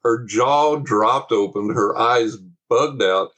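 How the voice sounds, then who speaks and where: A man telling a paranormal story from his childhood in a casual interview, animated and acting out the voices of the people in it. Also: medium pitch, slow pace, poor audio.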